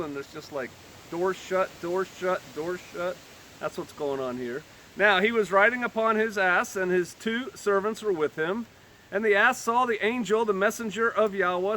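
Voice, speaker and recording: Male Bible teacher, high and bright, alternating formal scripture with wisecracking asides. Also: a little hiss or hum. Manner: reads old-fashioned scripture, then breaks in with joking everyday asides. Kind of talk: scripture reading with casual commentary.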